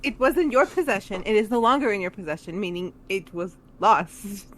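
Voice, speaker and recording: A woman's voice: mid-range voice, expressive, brisk. A woman playing a tabletop game in character, talking in a dry, pedantic way. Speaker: player.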